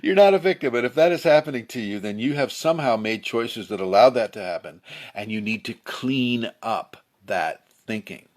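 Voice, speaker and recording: A man giving a casual spiritual talk, slightly hoarse, who acts out angry people with sudden shouts. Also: fairly low pitch, moderate pace, hardly any pauses. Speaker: spiritual teacher. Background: a pet bird fluttering.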